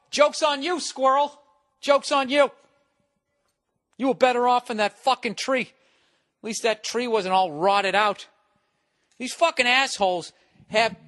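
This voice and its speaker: A man's voice: high voice, fairly bright tone, no echo. Profane ranting man, close and dry. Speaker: podcast host. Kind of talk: solo ranting monologue. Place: at home.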